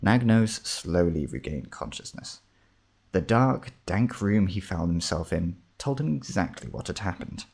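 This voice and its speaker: A man narrating a comic fantasy story in a steady, measured reading. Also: low-pitched, vocal fry, husky.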